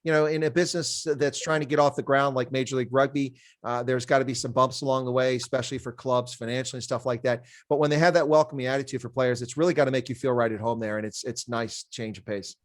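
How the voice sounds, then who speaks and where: Middle-aged American host, talks quickly, dry close sound, jokey and rambling. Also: male voice, medium pitch, fairly even intonation, no room sound. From United States. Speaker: interview host. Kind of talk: casual interview chat.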